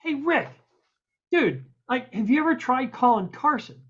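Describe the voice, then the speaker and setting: A man voicing an excitable male engineer coworker who talks in pushy, slangy bursts. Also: very high-pitched, measured pace, breathy edge, dull audio, pitched above the performer's own voice, full character voice. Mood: urging.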